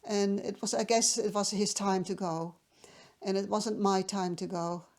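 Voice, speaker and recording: A woman's voice: mid-range voice, fairly even intonation, a little slow, a little mellow. A woman from the Netherlands telling a personal story to the camera, hesitant and emotional, with many restarts.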